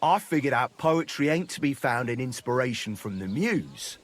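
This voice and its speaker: An actor playing a crude, jolly drinking buddy in a video game, bawdy and mocking. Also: male voice, mid-range voice, sing-song, moderate pace, lightly acted. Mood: rowdy.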